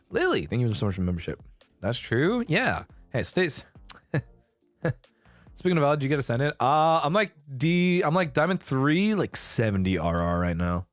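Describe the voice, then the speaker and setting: Male streamer, casual rambling chat, lots of swearing, very animated pitch, dry close sound. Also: no echo. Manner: rambling, heavy swearing, frequent self-restarts.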